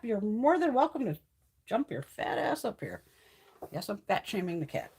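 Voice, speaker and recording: A woman hosting a casual beauty livestream, chatting with viewers, swearing freely and coaxing her cat in a high sing-song voice. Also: animated, a little fast, a little mellow, husky.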